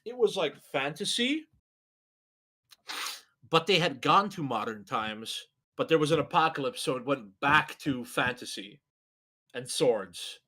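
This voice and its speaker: A man's voice: a little high, lively intonation, unhurried, pushed and bright. A young man riffing casually as a co-host, rambling and profane, full of filler words. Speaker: co-host reacting to a video. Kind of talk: casual reaction commentary.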